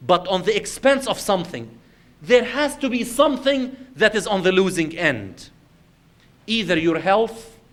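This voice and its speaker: Male Islamic lecturer with a high voice. Conversational storyteller who addresses the audience directly. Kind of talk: lecture to a congregation.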